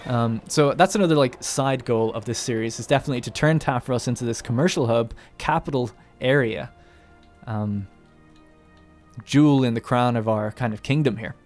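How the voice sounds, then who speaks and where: A man talks through his strategy game in a loose, thinking-aloud way, the kind of regular host who narrates every move. His voice sits at an ordinary middle pitch, and soft music plays faintly under him. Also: moderate pace. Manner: chatty, thinking aloud, swears and laughs now and then. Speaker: let's play host. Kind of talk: casual gameplay commentary.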